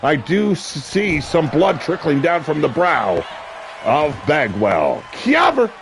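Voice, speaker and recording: A man calling a wrestling match play-by-play, brash and crude, with sudden shouted bursts of excitement. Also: on the high side, slow pace, a crowd in the background, noisy background. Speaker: wrestling commentator. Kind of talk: play-by-play commentary. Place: seated at a ringside commentary table.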